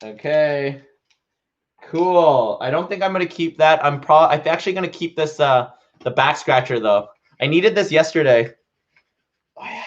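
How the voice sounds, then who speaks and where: A man's voice: on the high side, moderate pace. A young man chatting playfully in a casual vlog and reading his own writing aloud. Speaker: vlogger. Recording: slightly dull lo-fi sound.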